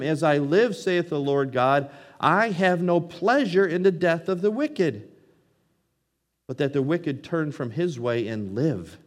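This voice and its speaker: Preaching man in a reverberant hall. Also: on the high side. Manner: earnest preaching, reads scripture aloud, swings between loud and hushed. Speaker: pastor. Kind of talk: sermon.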